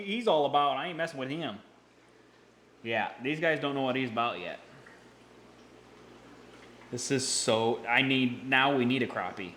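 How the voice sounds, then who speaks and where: An excitable man giving hands-on vlog commentary beside a big fish tank, exclaiming and repeating himself as he talks to his viewers. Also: medium pitch, roomy sound, slight background noise. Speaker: fish-keeping vlogger. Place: indoors by a large fish tank. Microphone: camera mic, handheld.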